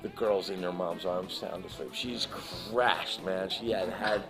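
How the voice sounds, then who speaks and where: A man telling an animated, emotional anecdote as a guest in a live interview, acting out the people in his story. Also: low voice, measured pace, over music. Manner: emotional, laughs while telling. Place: live event in front of an audience.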